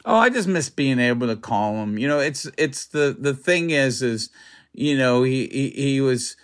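A middle-aged male comedian talking casually in a radio interview, halting, full of restarts and "you know", soft and reflective. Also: medium pitch, expressive. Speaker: comedian guest.

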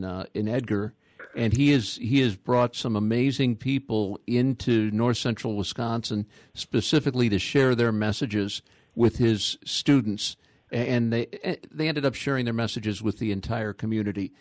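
An older man who hosts a call-in radio show, talking in halting phrases with many restarts. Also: lowish voice, steady tone, darkish tone, dry recording, clean studio sound.

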